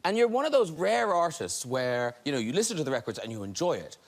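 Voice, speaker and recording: Lively Irish talk show host, husky. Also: male voice, a little high, fast. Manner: lively, teasing. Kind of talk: casual chat. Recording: studio audience in background.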